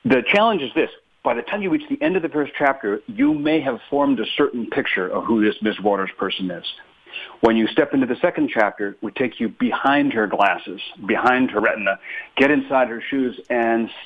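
A man's voice: mid-range voice, brisk, creaky. A male author talking thoughtfully about his writing as a guest in a radio interview, often stopping to correct himself. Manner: thoughtful, animated, self-correcting. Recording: phone-line guest audio.

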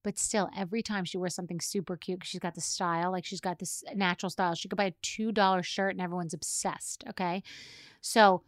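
A middle-aged woman hosting a podcast, telling a rambling, animated story full of asides. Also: lowish voice, fairly quick, no room sound, clean studio sound. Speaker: podcast host. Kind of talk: casual rambling monologue.

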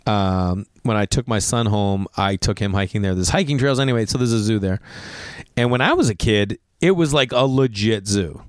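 A comedian and podcast host from Massachusetts, speaking with a Boston accent in a fairly low voice at a moderate pace, tells rambling, profane stories packed with fillers in a garage. The sound is clean and studio-like with no echo.

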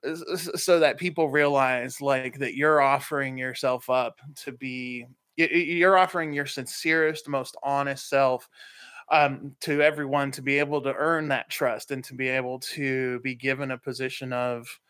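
A man talking earnestly and reflectively as a podcast guest, pausing and restarting as he searches for words. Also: mid-range voice, fairly even intonation, fairly bright tone, clear, resonant tone, no room sound. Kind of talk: casual interview conversation.

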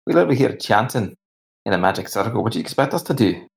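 A man playing a tabletop game, talking bluntly and gruffly in character. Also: on the low side, big pitch swings, fast. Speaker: player.

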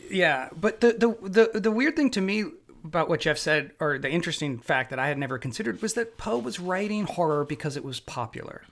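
A man's voice: fairly high pitch, animated, fairly quick, a bit bright. A man hosting a casual conversation, talking in a thoughtful, rambling way.

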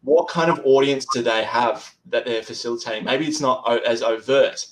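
A man's voice: medium pitch, normal speed, background noise. A man speaking as a podcast guest in an easy conversation. His voice sits mid-range and he often stalls and restarts words. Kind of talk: casual interview chat.

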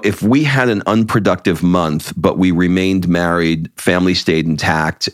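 Man with a very low voice, dry close sound, talking frankly and casually as podcast co-host; swears easily, restarts his sentences often, rambles a bit. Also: dry recording. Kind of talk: casual chat.

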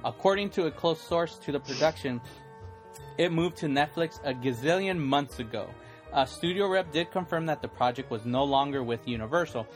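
A man's voice: fairly high pitch, moderate pace, soft background music. A man hosting a casual podcast, talking in a chatty, rambling way and laughing often. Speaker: podcast host.

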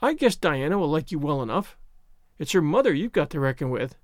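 A man voicing a stern, practical older farm woman who scolds briskly in an audiobook. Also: a little high, sing-song, no echo, clean studio sound. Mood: scolding. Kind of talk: audiobook character reading.

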